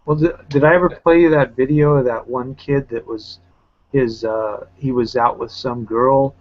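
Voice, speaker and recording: A man's voice: medium pitch, steady tone, normal speed. Rambling man on a muffled video call. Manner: rambling, loose storyteller with many fillers. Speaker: teacher and round table panelist. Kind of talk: casual chat. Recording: slightly muffled online call audio.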